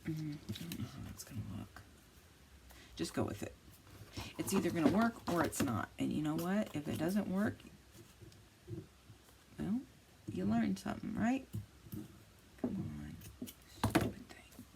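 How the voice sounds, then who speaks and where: Unhurried and sing-song, this crafting channel host has a low, creaky voice and leaves long pauses. She chats and thinks aloud casually, muttering to herself and chiding herself as she works, with background noise behind her.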